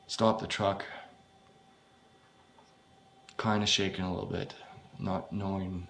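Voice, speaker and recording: A man reading his own first-person horror story aloud, in a halting, unpolished way with frequent swearing. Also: low-pitched, level tone, vocal fry, fairly bright tone, a little hiss or hum.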